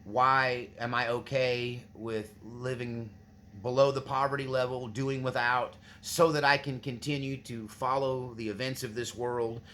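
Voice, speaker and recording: A man's voice: medium pitch, level tone, unhurried, fairly bright tone, slight background noise. A man hosting his own channel, talking earnestly and rambling to his viewers. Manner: earnest, rambling, restarts often. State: choked up, near tears. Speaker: channel host. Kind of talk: casual monologue to viewers.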